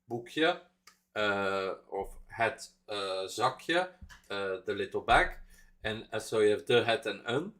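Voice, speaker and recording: A man's voice: fairly low pitch, a bit bright. A man with a Dutch accent chatting casually as a reaction streamer, rambling through explanations with many fillers and chuckles. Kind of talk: casual live reaction chat.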